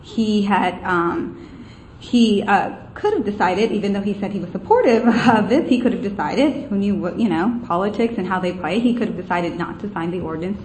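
A woman's voice: medium pitch, normal speed, a little hiss or hum. Heartfelt woman presenter in an echoey room. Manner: animated and heartfelt, with frequent ums. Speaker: advocacy campaign presenter. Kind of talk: conference presentation, storytelling. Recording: echoey room with faint ambience.

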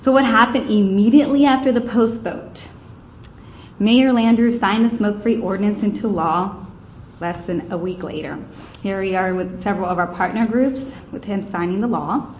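A woman giving a heartfelt, animated presentation as a campaign advocate. She tells the story with frequent ums. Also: mid-range voice, moderate pace, a little hiss or hum. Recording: echoey room with faint ambience.

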